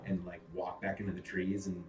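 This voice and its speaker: A very deep-voiced man playing a tabletop game, hesitant and full of fillers. He sounds far from the mic in an echoey room. Clear background noise sits behind him. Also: monotone, brisk. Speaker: player. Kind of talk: casual tabletop play.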